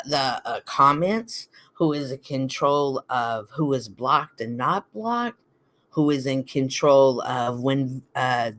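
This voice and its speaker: Woman streamer host: animated and dramatic, a bit low-pitched, lively rise and fall. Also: gravelly. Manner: dramatic, laughing, addresses viewers directly. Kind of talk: animated livestream commentary.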